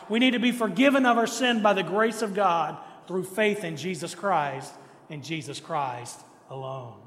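Pastor, male, high voice, emphatic preacher, reverberant church hall. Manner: emphatic preaching with repeated refrains. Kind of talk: sermon. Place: church sanctuary.

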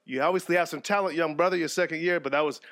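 Sports podcast guy, kinda high voice, casual and jokey, does goofy play-by-play bits. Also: racing. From Canada. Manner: animated, jokey, mock play-by-play bursts. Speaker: podcast co-host.

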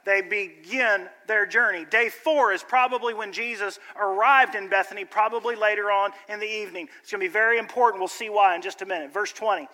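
A man's voice: sits high, steady tone, brisk, hardly any pauses, bright, forceful tone. A pastor preaching a sermon to his church, conversational and joking, then building to emphatic appeals. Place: church sanctuary. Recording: long church hall reverb.

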